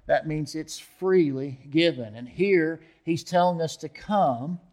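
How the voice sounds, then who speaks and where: A man's voice: a little high, slow pace, a little mellow. A man preaching an expository sermon as pastor, often asking the listeners questions and checking in with them.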